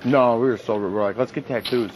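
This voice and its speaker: A young reality show contestant tells profane stories casually, acting out what people said in a raised voice. He's animated, with a medium-pitched voice and fast delivery. The recording is rough.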